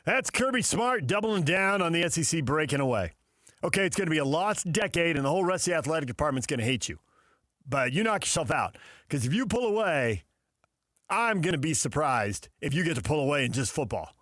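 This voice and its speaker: A man's voice: on the high side, expressive, brisk, fairly bright tone, dry recording. Guy on a sports talk show, sarcastic and riffing, dry close sound. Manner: sarcastic, riffing, mock dialogues.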